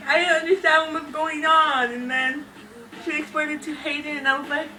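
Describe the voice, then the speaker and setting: A young woman casually reviewing a book, gushing and excitable, with lots of fillers and restarts. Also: high voice, moderate pace, far from the mic, rough recording. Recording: voice off-mic with music behind.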